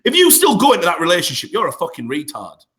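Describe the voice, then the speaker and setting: Bright, animated man ranting. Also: high voice, quick pace. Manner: animated ranting, swears freely. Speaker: podcast co-host. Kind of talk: casual podcast banter.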